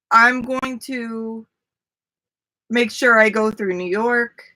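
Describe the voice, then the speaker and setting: Hosting a relaxed livestream, this woman chats with her audience by name and laughs easily. She speaks slowly in a slightly high, bright voice with a forceful tone.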